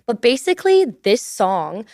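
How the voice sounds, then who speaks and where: A woman's voice: a little high, sing-song, unhurried, darkish tone, no room sound. Young woman, American accent, chatty singer guest, dry studio sound, laughs a lot. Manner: chatty, laughs often, repeats thank you. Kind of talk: casual interview chat. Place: podcast studio.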